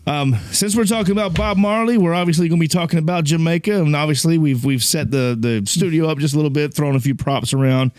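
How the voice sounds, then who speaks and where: A man's voice: on the high side, fast, hardly any pauses, a little mellow, no echo. A man co-hosting a podcast, teasing his friend in casual banter. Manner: teasing, ribbing his co-host. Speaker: podcast co-host. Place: podcast studio with music playing. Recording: faint music behind the voice.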